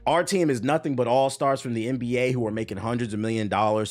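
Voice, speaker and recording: A young man on a live stream, ranting with a fairly high voice that swings widely in pitch. He is heated and profane, and he hammers his points home. Faint music plays under him. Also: lively intonation, quick pace, few pauses. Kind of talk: animated live-stream rant.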